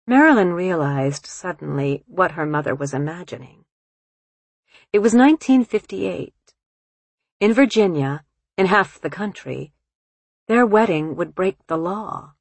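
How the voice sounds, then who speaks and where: Woman narrator, audiobook reading, slow pace, husky low voice, dry close studio sound. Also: lively intonation, dry recording. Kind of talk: scripted literary narration.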